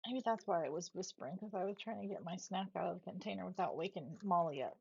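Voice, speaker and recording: Woman streaming from her home office, chatty and soft, bit husky, dull dry mic sound. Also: lowish voice, fast talker, no room sound. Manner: chatty, soft-spoken, talks to her pets, laughs often. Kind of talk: casual live-stream chat.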